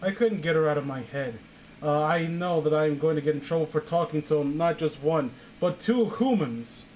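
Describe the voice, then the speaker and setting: Young man, slightly high voice, sarcastic fan fiction reading, exasperated asides. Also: normal speed, darkish tone, slight background noise, low-quality recording. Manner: sarcastic, exasperated, breaks into laughter. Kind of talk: comedic dramatic reading with commentary.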